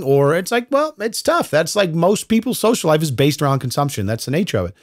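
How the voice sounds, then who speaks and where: A man's voice: fairly high pitch, sing-song, brisk, few pauses, no echo, clean studio sound. A man in his thirties hosting a podcast, talking through a casual solo monologue in a blunt, profane, conversational way. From United States. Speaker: podcast host.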